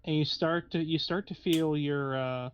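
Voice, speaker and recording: Man, game master narration, hesitant, meandering, fairly high pitch, muffled lo-fi audio. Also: fairly even intonation, measured pace, smooth. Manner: meandering, hesitant, frequent restarts.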